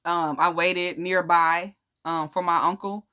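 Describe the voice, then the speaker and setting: A woman's voice: fairly low pitch, fairly even intonation, unhurried, sharp tone, clean tone. A woman casually telling her personal faith testimony in a chatty, slangy way, acting out what people said. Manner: chatty, slangy, acts out quotes. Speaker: vlogger sharing a faith testimony. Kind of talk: casual storytelling.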